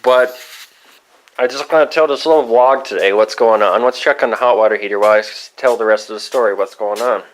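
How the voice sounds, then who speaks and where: A young man vlogging casually, telling a rambling, profane story about his day with excitable outbursts. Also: on the low side, fairly quick, poor audio.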